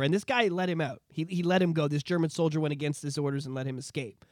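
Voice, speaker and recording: A man's voice: fairly high pitch, fairly even intonation, quick pace, dry recording, studio quality. A young adult man from Canada, hosting a podcast and ranting in casual, profane political chat with lots of repetition. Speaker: podcast host.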